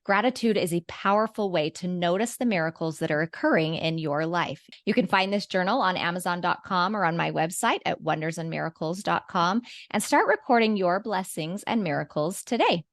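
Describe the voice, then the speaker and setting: A woman's voice: lowish voice, lively intonation, fairly quick, few pauses, dry recording, clean studio sound. A woman hosting a podcast, reading a short ad and then giving the guest an encouraging welcome. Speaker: podcast host. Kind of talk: ad read and interview welcome.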